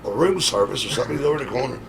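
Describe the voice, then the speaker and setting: Middle-aged man, gravelly fry, profane animated stories, noisy recording. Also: mid-range voice, rapid-fire. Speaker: wrestling veteran guest. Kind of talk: casual shoot interview. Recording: noisy background.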